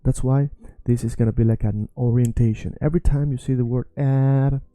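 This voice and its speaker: Very dark-voiced man teaching language. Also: medium pitch, little pitch movement, no room sound. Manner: emphatic, repeats words slowly. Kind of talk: language lesson.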